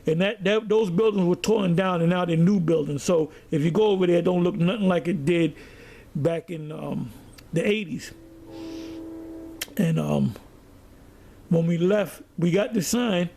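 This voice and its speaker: A man preaches in a storytelling style and stops to read scripture aloud. His voice sits high and carries a gravelly rasp. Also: unhurried, pauses often, dark tone, soft background music. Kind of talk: sermon.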